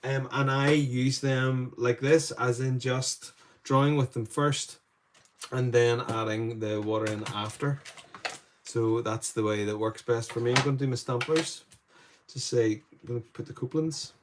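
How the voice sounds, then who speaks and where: A man hosting a live painting demo, thinking aloud softly as he works and brightening when he greets viewers in the chat. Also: mid-range voice, fairly even intonation, measured pace, noisy background. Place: indoor studio room.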